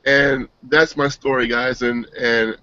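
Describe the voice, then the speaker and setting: A man giving an earnest, emotional personal testimonial, halting and restarting as he speaks. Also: medium pitch, little pitch movement, bright, forceful tone. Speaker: team member giving a testimonial. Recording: dull, dry lo-fi sound.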